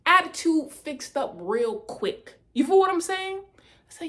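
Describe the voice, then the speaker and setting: A woman telling a personal testimony in a casual, animated way, speaking straight to her listeners. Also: fairly high pitch, normal speed.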